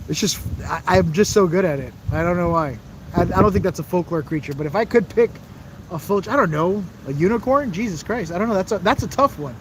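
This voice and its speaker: A man's voice: sits high, background noise. A man hosting a casual livestream, rambling and laughing as he answers viewers' chat messages while standing outdoors beside a building. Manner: rambling, chatty, laughs often. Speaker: livestream host reading chat. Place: outdoors by a building's glass, out of the wind.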